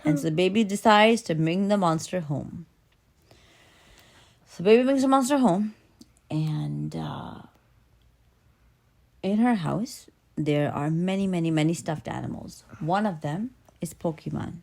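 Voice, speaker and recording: A woman telling an original children's story in a playful, animated way, swinging between hushed and loud. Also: fairly low pitch, measured pace, gravelly, pauses often.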